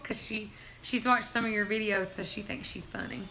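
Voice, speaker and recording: A woman's voice: medium pitch, level tone, fairly quick, bright, forceful tone, slight background noise. A woman, hosting a casual livestream and telling family stories, laughing often as she talks. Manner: giggly, laughs through her own stories. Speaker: livestream host.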